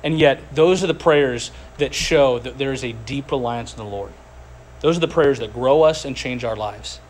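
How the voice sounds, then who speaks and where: A man preaching a sermon as pastor, earnest, slowing down to stress key words, speaking to a group seated at tables. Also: medium pitch. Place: room with tables, group gathering.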